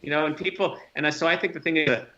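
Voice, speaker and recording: Male podcast guest, bright tone, lo-fi remote sound, reflective rambling talker. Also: a little high, fairly even intonation, very fast. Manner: reflective, thinks aloud with restarts. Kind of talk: casual podcast conversation.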